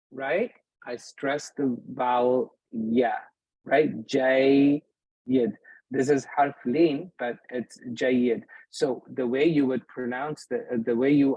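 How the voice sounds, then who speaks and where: In a mosque classroom, a man patiently teaches Arabic to beginners in a live class, frequently making sure his students are keeping up. His voice is medium-pitched, darkish and slightly rough, captured on a rough recording without room sound.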